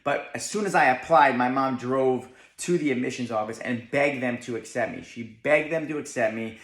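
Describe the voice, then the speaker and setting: A man's voice: medium pitch, normal speed, fairly bright tone. A young man with a New Jersey accent giving an emphatic motivational talk, often checking in with "right?". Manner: emphatic, keeps asking "right?". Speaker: motivational speaker. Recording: echoey room.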